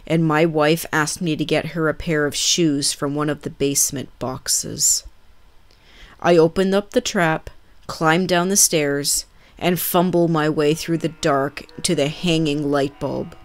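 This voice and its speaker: Low-voiced woman reading scary stories. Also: steady tone, unhurried. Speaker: narrator. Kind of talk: scripted narration of scary stories.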